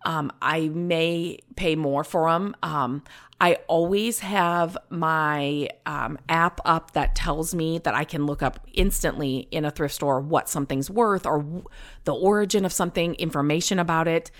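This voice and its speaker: A woman's voice: low voice, steady tone, unhurried. A woman hosting her own show, chatting casually and rambling, with many fillers, restarts and easy laughs. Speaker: podcast host. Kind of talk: casual solo chat.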